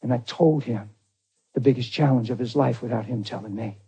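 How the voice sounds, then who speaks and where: A man's voice: medium pitch, a little fast, warm tone, breathy edge. A man pastor preaching a storytelling sermon in a folksy, conversational way, talking straight to his congregation.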